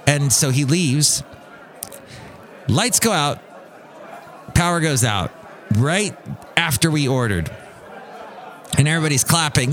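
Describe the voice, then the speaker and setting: A man's voice: medium pitch, expressive, measured pace, long pauses. A man hosting a podcast, telling a long story in a casual, rambling, joking way with a sing-song delivery. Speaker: podcast host. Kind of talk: casual monologue.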